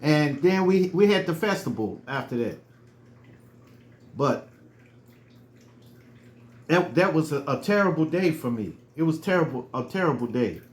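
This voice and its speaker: High-voiced man telling a slow story. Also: lively intonation, reverberant. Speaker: storyteller vlogger. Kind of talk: casual personal storytime.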